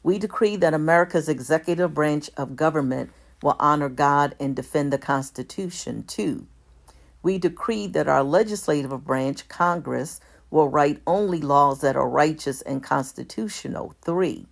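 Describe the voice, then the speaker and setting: A woman reading a document aloud in a measured, deliberate way, speaking even the formatting marks and pausing to correct herself. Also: gravelly. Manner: reads out formatting marks like "all caps" and "lowercase"; measured, deliberate delivery with small self-corrections. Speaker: commentator.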